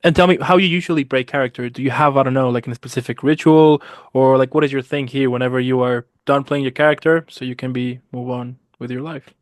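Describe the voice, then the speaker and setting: A man's voice: mid-range voice, steady tone, quick pace, no room sound. Encouraging male host, dry sound. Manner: encouraging, repeats short affirmations. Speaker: show host. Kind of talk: casual interview chat.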